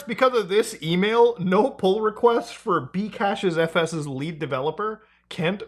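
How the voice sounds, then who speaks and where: A male host talking through online drama in a loose, casual commentary style. His pitch swings widely as he gets worked up, and he laughs and swears freely along the way. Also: fairly bright tone.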